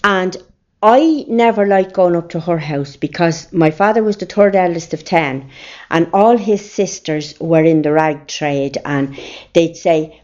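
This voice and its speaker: In a dull, lo-fi interview recording, an older woman with an Irish accent reminisces about her family. She speaks at a measured pace in a lowish, slightly mellow voice, rambling from one anecdote to the next.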